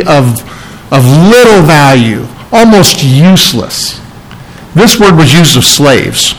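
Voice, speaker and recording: A man's voice: on the high side, fairly bright tone, rough recording. A man preaching a sermon, teaching earnestly and stressing key phrases by repeating them. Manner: earnest, emphatic teaching with repetition. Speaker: pastor.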